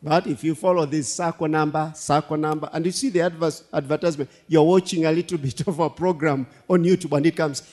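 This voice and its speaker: A man preaching a sermon as pastor, animated, laughing and repeating himself for emphasis. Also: on the high side, a little fast. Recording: long hall reverb.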